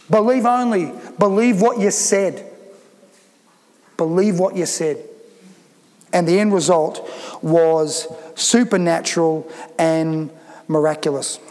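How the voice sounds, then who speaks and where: A man's voice: sits high, big-room sound. A male pastor preaching a sermon, emphatic and repeating phrases for stress.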